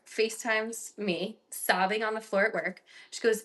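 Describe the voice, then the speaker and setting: A woman's voice: mid-range voice, moderate pace, few pauses. Chatty young woman telling a story. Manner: animated storyteller, lots of "like". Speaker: podcast co-host. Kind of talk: casual storytelling chat.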